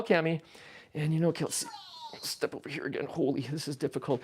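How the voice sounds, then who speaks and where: A man's voice: medium pitch, brisk. A man hosting a casual livestream from a toy-filled room, rambling goofily and reading the chat aloud. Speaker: livestream host.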